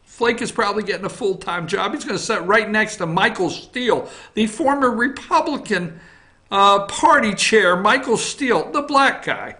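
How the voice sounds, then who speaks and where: Bright-voiced teasing male talk host. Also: high-pitched, expressive, normal speed. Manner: wry, teasing, jumps between news items. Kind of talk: casual opinion talk show. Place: office.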